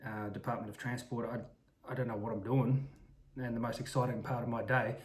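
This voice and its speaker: A man's voice: mid-range voice, level tone, brisk. Aussie guy making up a story as he goes, rambly, kinda echoey room. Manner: rambling, full of restarts and asides. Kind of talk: improvised casual storytelling. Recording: roomy echo.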